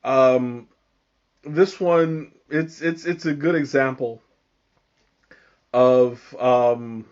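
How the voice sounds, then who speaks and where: A man of ordinary pitch hosts a casual live tea tasting, stumbling through fillers and restarts as he searches for words. His voice comes through slightly muffled, with the dull, lo-fi sound of a home livestream. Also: steady tone, very slow, pauses often, darkish tone. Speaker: livestream host.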